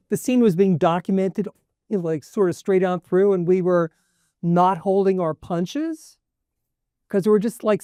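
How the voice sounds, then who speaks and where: A fanzine writer on a panel tells long anecdotes, correcting himself along the way. His voice is mid-pitched and the sound is dry. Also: mellow, clear, resonant tone, no room sound. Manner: rambling, self-correcting anecdotes. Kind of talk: live panel Q&A.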